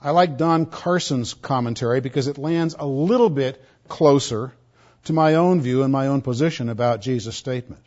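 A pastor preaching an expository sermon, stressing points loudly and then dropping to quiet asides. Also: male voice, mid-range voice, moderate pace, dull audio. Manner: emphatic, swinging between loud stresses and quiet asides.

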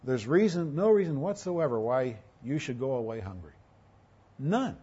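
A man preaching a sermon as a pastor, emphatic, with rhetorical questions and a delivery that swings between loud and soft. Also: medium pitch, lively intonation, moderate pace, husky, highs cut off.

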